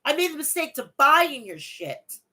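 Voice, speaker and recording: Bright-voiced woman ranting, blunt and profane. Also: high voice, very animated, normal speed, low-quality recording. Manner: reads event recap aloud. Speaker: wrestling podcast host. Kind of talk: ranting solo review.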